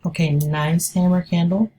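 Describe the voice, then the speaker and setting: A woman's voice: fairly low pitch, steady tone, normal speed, mellow, a little hiss or hum. A woman day trader giving live trading commentary, thinking aloud and hesitant as she talks.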